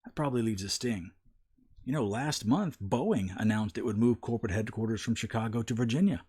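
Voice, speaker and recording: A man's voice: on the low side, brisk, darkish tone, breathy edge. Folksy storytelling male commentator. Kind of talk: opinion commentary with a told parable.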